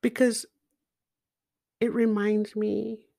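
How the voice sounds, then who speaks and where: Slow, deliberate storytelling woman. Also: medium pitch, gravelly. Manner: slow, deliberate and expressive, with laughs. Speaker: podcast guest speaker. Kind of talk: personal storytelling.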